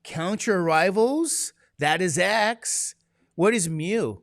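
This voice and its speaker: A man's voice: sits high, animated, slow, fairly bright tone, no room sound, studio quality. Chatty male teacher lecturing a class. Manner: chatty, digressive, asks the class questions.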